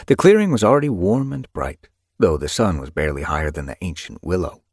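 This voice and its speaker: A man reads an audiobook in a deep, husky voice. His storytelling swings lively up and down. The recording is dry and close. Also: brisk, no echo. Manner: expressive storytelling. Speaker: audiobook narrator. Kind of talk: scripted narration.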